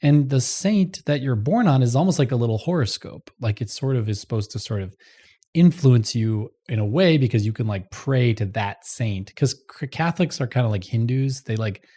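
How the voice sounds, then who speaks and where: A man's voice: medium pitch, lively intonation, normal speed, dark tone. A man co-hosting a podcast in casual chat, explaining ideas in a rambling way with lots of fillers and frequent laughs. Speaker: podcast co-host.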